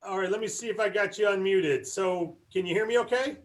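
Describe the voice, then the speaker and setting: Guy running a team training call, high voice, encouraging, praises everyone. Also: fairly quick.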